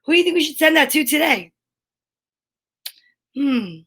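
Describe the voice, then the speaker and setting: A woman's voice: sits high, expressive, normal speed, fairly bright tone. A woman hosting a children's story time in a cheerful, goofy way, reading out long lists of names. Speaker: host of a kids' story time show. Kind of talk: casual chat to children.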